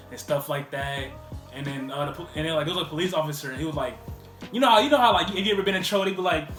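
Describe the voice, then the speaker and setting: Guy doing a storytime vlog, high voice, talks super fast, says like a lot, echoey room with music low behind. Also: fairly bright tone. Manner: rambling, heavy use of "like" fillers. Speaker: vlogger. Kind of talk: casual storytime.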